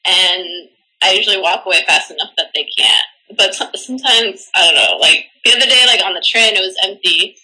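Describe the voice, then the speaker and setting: A woman's voice: medium pitch, a little fast, sharp tone, rough recording. A young woman in casual chat, telling blunt stories and laughing often.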